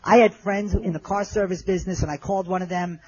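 A middle-aged man telling a personal story in an earnest way. His voice goes low and soft at the moving parts. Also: steady tone, quick pace, lo-fi sound.

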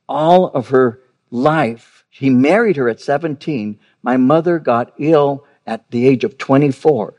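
A man's voice: medium pitch, darkish tone. Older man preaching an earnest sermon. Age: 50s or older. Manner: earnest storytelling, repeats words for emphasis, often slows down on key phrases. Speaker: pastor.

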